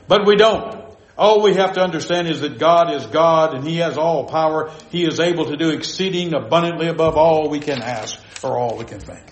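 A man preaching a sermon with fervor, dropping to soft asides and rising to loud exclamations. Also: a little high, a little fast, roomy sound, low-quality recording. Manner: fervent, swings from soft to loud.

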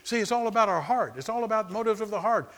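A man's voice: high-pitched, animated, quick pace. A male pastor preaching a sermon, calling for amens and often restarting his phrases. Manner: preaching with call-and-response, stumbling restarts, swells in loudness.

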